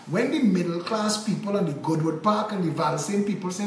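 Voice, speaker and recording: A man's voice: sits high, a little fast, roomy sound, a little hiss or hum, poor audio. A man with a Trinidadian accent, from Trinidad and Tobago, delivering an angry, emphatic political monologue with repeated rhetorical phrases. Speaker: political commentator.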